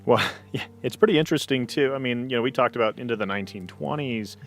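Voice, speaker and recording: A man co-hosting a podcast, easygoing and quick to laugh in casual conversation. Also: mid-range voice, faint music behind. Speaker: podcast co-host.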